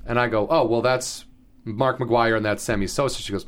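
A man's voice: fairly high pitch, sing-song, moderate pace, a loud crowd. Laughing man telling stories. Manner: storytelling, laughing often. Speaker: podcast co-host. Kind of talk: casual chat.

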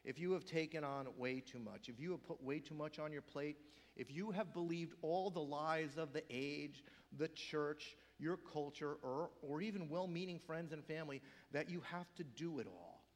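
A man preaching a sermon as pastor, swinging from loud emphatic peaks down to hushed, whispered quotes. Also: a little high, lively intonation, normal speed, in a large hall.

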